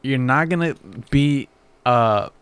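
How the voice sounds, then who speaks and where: A man chatting on a casual podcast in a relaxed, rambling way, sometimes grunting to mimic people. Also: medium pitch, takes it slowly, smooth, dry recording. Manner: laid-back, rambling, with grunting impressions. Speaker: podcast co-host.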